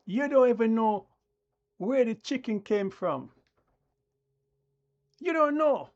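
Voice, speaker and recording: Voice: medium pitch, lively intonation, takes it slowly, pauses often, a little mellow, muffled recording. A channel host delivering a combative, preachy live-stream rant that talks down to the viewers.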